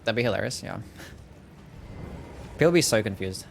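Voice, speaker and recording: A man's voice: fairly low pitch, animated, moderate pace, creaky, a little hiss or hum. A young Australian man with an Australian accent, giving casual gameplay commentary, laid-back and swearing freely as he answers chat. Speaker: game streamer.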